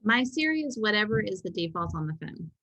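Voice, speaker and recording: A woman's voice: mid-range voice, big pitch swings, a little fast, a bit bright, dry recording. Rambling woman podcast co-host, dry sound. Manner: rambling, self-deprecating storytelling with frequent "like". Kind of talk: casual chat.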